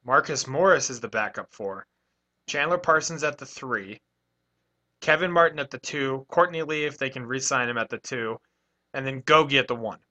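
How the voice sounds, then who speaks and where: A man with a bright, forceful voice co-hosts a college radio sports show. He talks casually and rattles off rosters and trade talk in an easy, mid-pitched voice. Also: normal speed, muffled recording.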